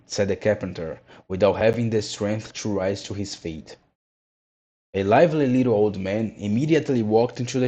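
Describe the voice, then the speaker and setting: A man reading a children's classic aloud in a measured, steady way. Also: on the low side, slightly rough, dull audio. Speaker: narrator. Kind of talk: storybook read-aloud.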